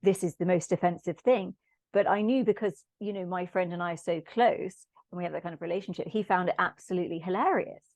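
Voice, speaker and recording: A woman talking as a podcast guest, thoughtful and reflective, often pausing to search for words. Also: lowish voice, a little mellow, no echo. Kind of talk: thoughtful conversational discussion.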